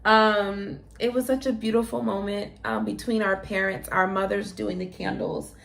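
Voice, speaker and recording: A young woman co-hosting a casual chat, telling a story in an animated, emotional way with plenty of fillers. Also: mid-range voice, moderate pace, vocal fry. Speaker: co-host. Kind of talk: casual chat about their wedding.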